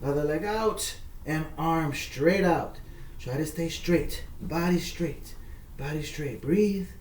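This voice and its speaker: A man's voice: fairly high pitch, takes it slowly, a little hiss or hum. A man leading a kids' yoga workout, giving encouraging, repetitive coaching cues. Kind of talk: guided workout instruction. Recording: echoey room, mic far off.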